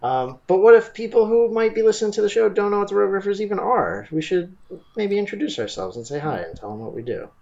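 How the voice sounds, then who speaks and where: A man's voice: high voice, big pitch swings, fast, vocal fry, a little mellow, dull audio. A man hosting a comedy podcast, rambling and goofy in casual chat. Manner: goofy, rambling, breaks into laughter. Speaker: podcast host.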